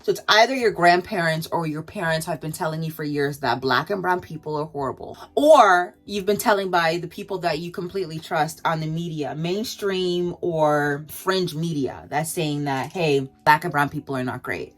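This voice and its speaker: A woman venting in a vlog while doing her makeup, firing off rhetorical questions with sharp jumps in pitch. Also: moderate pace, few pauses. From Canada. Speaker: vlogger.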